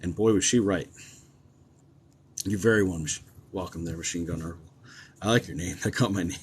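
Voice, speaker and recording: A man with a notably low-pitched voice talks to his live-stream viewers in an easygoing, rambling way. He leans on fillers like um and uh as he tells stories as a psychic medium. His delivery is conversational and unscripted. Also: moderate pace, a little hiss or hum. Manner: chatty, relaxed, many ums and uhs. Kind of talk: casual live-stream chat and storytelling.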